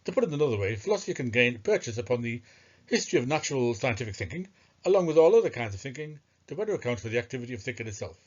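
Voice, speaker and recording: A man's voice: mid-range voice, very animated, racing. A man giving discursive, scornful commentary on philosophy, thinking aloud with hesitations. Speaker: philosophy video narrator. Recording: muffled lo-fi recording.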